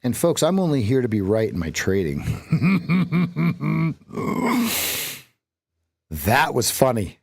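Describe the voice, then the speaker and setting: A man hosting a live trading stream, talking in an animated voice that swings freely up and down. He works through sums out loud and cracks jokes that he laughs at himself. The sound is close and dry, with no room around it. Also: on the low side, brisk, no room sound. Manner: chatty, jokes at his own lines and laughs at them; thinks aloud while working out numbers. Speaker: trading coach and stream host.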